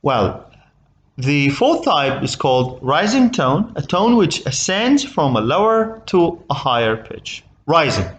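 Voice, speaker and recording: A man with an Arabic accent teaching a recorded English lesson, explaining slowly and often checking with "okay?". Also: on the high side, very animated, dull audio, a little hiss or hum.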